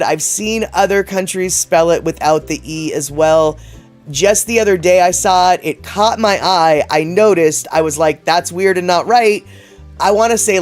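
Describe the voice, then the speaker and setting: A man hosting a casual livestream, reading chat messages aloud and rambling in a chatty way, laughing often. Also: sits high.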